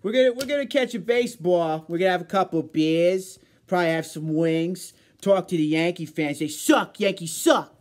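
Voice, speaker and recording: Man doing a loud brash Boston sports fan. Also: high voice, moderate pace, pitched above the performer's own voice, close to an everyday voice. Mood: rowdy. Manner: loud, boisterous.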